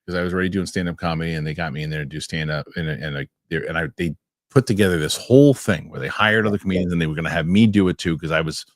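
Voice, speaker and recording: A middle-aged man hosting a casual talk show, telling stories and reading viewer messages with animated, excitable delivery. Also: sits low, racing, dry recording, studio quality. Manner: animated storytelling, excitable rants. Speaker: show host. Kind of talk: casual chat.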